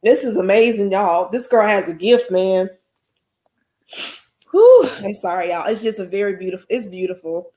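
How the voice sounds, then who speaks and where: A woman's voice: medium pitch, lively intonation, normal speed, mellow. A woman hosting a casual livestream, talking to her viewers in an effusive way and repeating her exclamations. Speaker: livestream host.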